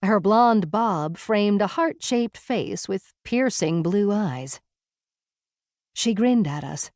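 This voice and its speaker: A woman's voice: mid-range voice, expressive, slow, a little mellow, no room sound, studio quality. A woman narrating a first-person novel in a wry, conversational manner. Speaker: audiobook narrator.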